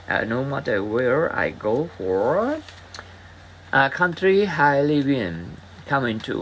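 A man teaching English reads short practice dialogues aloud at an unhurried pace. He stops often to hesitate and fill gaps. His pitch rises and falls a great deal as he moves between the lines. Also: fairly bright tone, a little hiss or hum, rough recording. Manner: halting, with frequent hesitation fillers. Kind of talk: reading example dialogues aloud.

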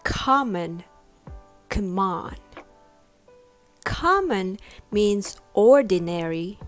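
A woman teaching English pronunciation, modelling words slowly with exaggerated stress and repeating each one. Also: mid-range voice. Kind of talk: slow deliberate pronunciation lesson.

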